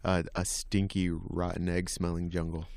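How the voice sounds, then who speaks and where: A man's voice: sits low, level tone, normal speed, vocal fry, a little mellow, a little hiss or hum. A man co-hosting a casual comedy radio show, reacting with laughs and exclamations. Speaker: radio co-host.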